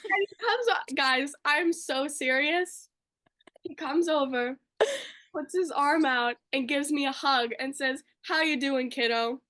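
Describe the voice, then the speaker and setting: High-voiced young woman gushing. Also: slow pace, a bit bright. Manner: gushing, lots of fillers. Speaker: podcast co-host. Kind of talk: casual storytelling.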